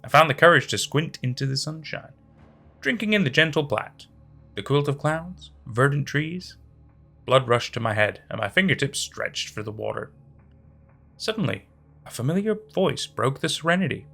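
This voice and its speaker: A man narrating a horror story with a bright, gravelly voice that rises and falls expressively. The reading is dramatic, with faint music playing under it. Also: on the high side, animated, moderate pace.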